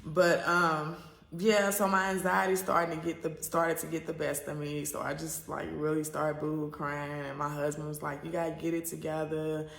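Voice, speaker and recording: A woman's voice: deep voice, level tone, normal speed, vocal fry, a bit bright, reverberant. A woman from the United States telling a personal story to camera in a rambling, candid way, full of fillers and restarts. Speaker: vlogger.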